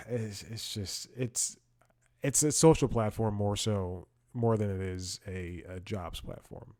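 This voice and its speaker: Taking his time in a lowish, warm voice, a young man hosts a comedy podcast in clean studio sound with no room reverb. He delivers a rambling story as a casual comedic monologue, often laughing and restarting his sentences.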